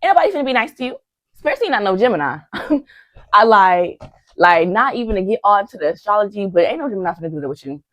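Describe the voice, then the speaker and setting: A woman's voice: mid-range voice, big pitch swings, quick pace, a bit bright, no room sound, muffled recording. Woman, young, chatty recap, gossipy, dry close sound. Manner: chatty and gossipy, addresses viewers as y'all, acts out quotes. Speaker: recap vlogger. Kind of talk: casual reality-TV recap.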